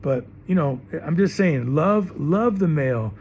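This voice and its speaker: A man's voice: on the high side, lively intonation, unhurried, a little mellow, slight background noise. A middle-aged man teaching in an emphatic, rambling monologue, often repeating himself. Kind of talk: impassioned monologue to camera.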